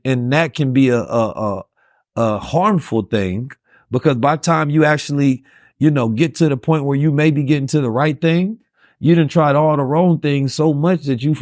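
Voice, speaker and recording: A man's voice: on the high side, a little mellow, no room sound, clean studio sound. A man hosting a conversation, speaking in long musing stretches and often checking in with "right?". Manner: repeats "right?" often, fast musing delivery. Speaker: host. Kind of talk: casual conversational talk.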